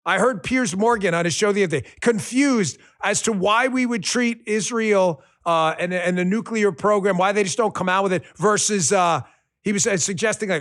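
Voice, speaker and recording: A middle-aged man hosting a political podcast, combative and mocking, who swings from shouted insults to quiet muttered asides. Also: high voice, expressive, normal speed. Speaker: podcast host. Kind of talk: political commentary.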